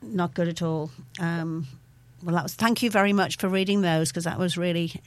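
A woman hosting a radio show, responding in casual on-air chat with halting reactions and fillers. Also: fairly low pitch, fairly even intonation. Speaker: radio host.

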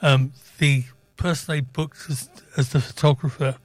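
A man's voice: medium pitch, steady tone, normal speed, dry recording. An older male radio co-presenter who tells dry, storytelling family anecdotes in easy banter. The recording is close and dry. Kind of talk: casual radio chat.

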